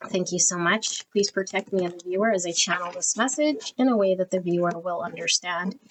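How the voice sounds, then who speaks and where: A woman's voice: on the low side, fairly quick, a little hiss or hum, low-quality recording. A middle-aged woman reading tarot, gushing over each card and getting emotional as she flips through a deck. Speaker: tarot reader.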